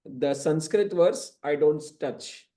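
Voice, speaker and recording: A man's voice: fairly high pitch, slow, mellow. A man teaching a scripture class, explaining at length with frequent "you know" asides. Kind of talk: lecturing to a class. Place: temple classroom.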